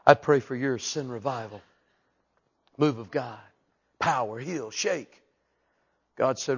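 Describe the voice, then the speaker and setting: A man preaching a fiery sermon, dropping to hushed asides and rising to loud shouted peaks. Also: medium pitch, slow pace, vocal fry, long pauses, breathy edge, muffled recording.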